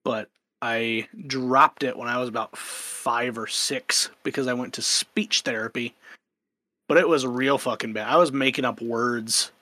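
A man's voice: mid-range voice, steady tone, measured pace, pushed and bright, no echo. Candid man with a slight stutter. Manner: candid, self-deprecating, many restarts. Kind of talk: casual podcast chat.

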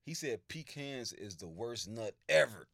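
A man's voice: on the low side, lively intonation, unhurried, a crowd in the background. A man co-hosting a casual podcast chat, insistent and repeating himself to hold the floor. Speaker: podcast co-host.

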